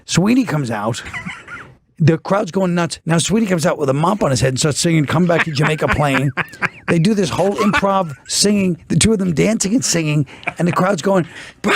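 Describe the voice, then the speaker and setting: A man's voice: fairly high pitch, fairly quick, gravelly, slight background noise. A middle-aged man, a guest comedian telling stories in casual talk and acting out the voices of people in them, close on a studio mic. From New York. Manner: animated, acts out other voices in stories. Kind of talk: casual storytelling on a talk show.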